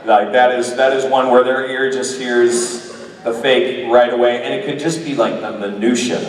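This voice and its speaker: A man on a convention panel, an actor talking about his work in casual, animated, rambling chat full of restarts. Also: mid-range voice, normal speed. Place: large convention hall with audience. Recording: echoey hall recorded from far off.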